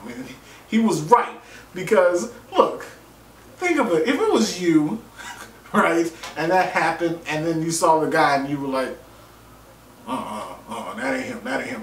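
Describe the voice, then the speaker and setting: A fairly high-pitched man recaps a TV episode for his vlog, animated, profane and jokey, voicing what the characters said. There's a little hiss or hum, and the distant mic gives a roomy sound with faint ambience.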